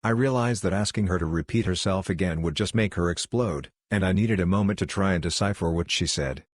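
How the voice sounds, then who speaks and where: Male narrator, deep and dry, steady plain read of online posts. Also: a little fast, dry recording. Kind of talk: reading online posts aloud.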